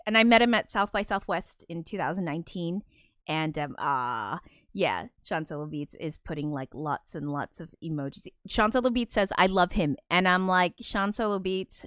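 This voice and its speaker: A woman in a casual livestream chat, rambling and self-deprecating, with frequent swearing and nervous laughter. She sounds flustered and anxious as she talks. Her voice is smooth and clear, recorded close and dry with no room sound. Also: on the low side, fairly bright tone, dry recording. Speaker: streamer and composer.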